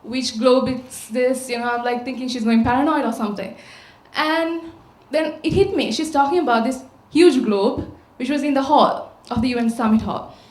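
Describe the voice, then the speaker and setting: A woman's voice: high-pitched, moderate pace, few pauses, darkish tone. A woman giving a public talk, telling a story and asking the audience rhetorical questions. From Sri Lanka. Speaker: conference speaker. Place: large auditorium. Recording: echoey auditorium sound.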